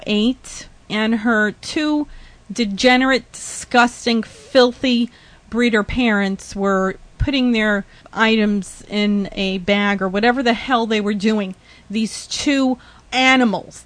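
A woman's voice: on the high side, no room sound. A woman hosting a podcast, ranting indignantly with swearing, rambling asides, laughs and sighs. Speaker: podcast host. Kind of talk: ranting monologue.

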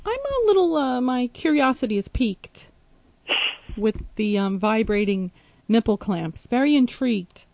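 Blunt, teasing woman with a high voice. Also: very animated, unhurried, vocal fry, a little mellow. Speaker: host. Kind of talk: casual chat.

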